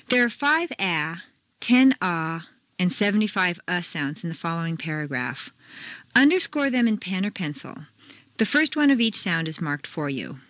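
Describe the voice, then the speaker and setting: A woman reading scripted pronunciation lessons, modeling sounds clearly and deliberately. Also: on the low side, very animated, fairly bright tone, no room sound. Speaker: pronunciation teacher. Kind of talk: scripted instructional narration.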